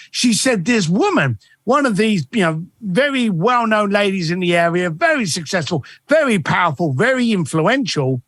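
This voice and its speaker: Man, middle-aged, interview guest, lively swooping pitch, acts out dialogue, high voice. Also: no echo, studio quality. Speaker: guest author and coach. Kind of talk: animated interview storytelling.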